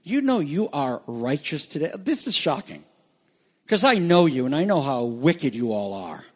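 A man preaching a sermon, with dramatic swings from loud declarations to hushed, quiet lines. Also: fairly high pitch, sing-song, normal speed. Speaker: pastor. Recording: echoey hall reverb.

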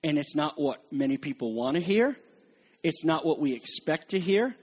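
Male pastor, high voice, emphatic sermon delivery that swells to fervent peaks. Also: expressive, moderate pace, a little mellow, slightly rough. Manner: addresses congregation as folks.

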